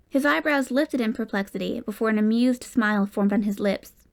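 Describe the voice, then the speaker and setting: A woman reading a first-person audiobook in a steady, expressive narration. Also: mid-range voice, normal speed.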